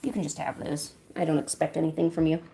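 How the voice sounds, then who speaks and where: A woman's voice: low-pitched, steady tone, quick pace, gravelly, warm tone, a little hiss or hum. A woman streamer chatting casually and coaxing her cats with playful, baby-talk asides. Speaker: art streamer.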